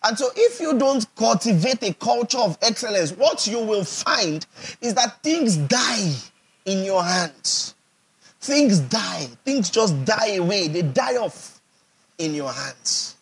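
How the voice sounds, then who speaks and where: A man's voice: sits high, big pitch swings, slow, a little hiss or hum. A Nigerian pastor preaching a sermon, emphatic and repetitive, often checking whether his audience understands. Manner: emphatic, repeats phrases for effect, asks the audience questions.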